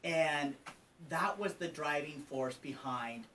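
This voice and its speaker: Recorded on a distant mic in low quality, with faint ambient noise, a nearly fifty-year-old trans advocate from Colorado, USA, shares candid personal stories as an interview guest. His voice is a little high and sharp, and he speaks slowly. He's open and conversational, full of ums and asides.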